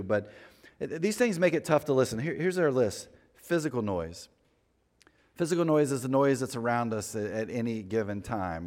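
Male pastor, mid-range voice, relaxed self-mocking sermon delivery, echoing sanctuary. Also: medium pitch. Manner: conversational, self-deprecating preaching. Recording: long hall reverb.

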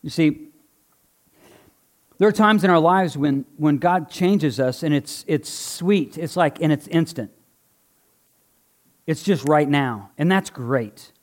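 Guy preaching a sermon at church, earnest but chatty, voice a bit on the high side. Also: expressive, takes it slowly, long pauses. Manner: conversational, earnest, joking with congregation. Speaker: pastor. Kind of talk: sermon with live object lesson. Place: church before a congregation.

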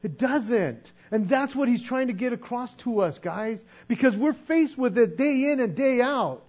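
A man preaching a sermon in a conversational way, sometimes acting out quoted voices and dropping to a soft hush. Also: very high voice, animated, unhurried. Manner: conversational, acts out quoted voices, drops to soft hushed tones. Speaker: pastor. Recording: dull lo-fi sound with mains hum.

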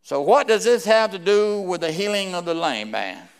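A man preaching a sermon, reading scripture aloud and swinging between hushed, slow lines and loud, rising ones. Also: high voice, lively intonation, smooth.

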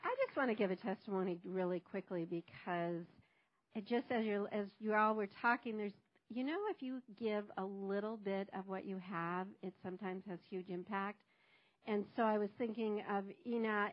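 Earnest woman giving a testimony. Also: mid-range voice. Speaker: church member giving a testimony. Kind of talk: spoken testimony. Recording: dull lo-fi recording.

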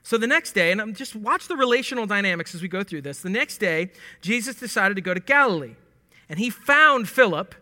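A man's voice: sits high, expressive, fairly quick, sharp tone. A man teaching through a Bible passage in a casual, joking way, acting out lines with laughs. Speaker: preacher teaching scripture. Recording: long hall reverb.

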